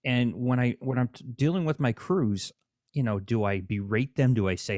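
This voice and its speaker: A man's voice: medium pitch, normal speed, darkish tone, no echo. A man hosting a casual interview, speaking bluntly and preachily and swearing freely. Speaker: podcast host.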